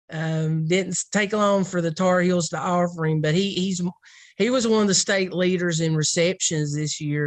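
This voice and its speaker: A woman's voice: on the low side, no echo. A woman football recruiting analyst in a casual podcast discussion, rambling and thinking aloud.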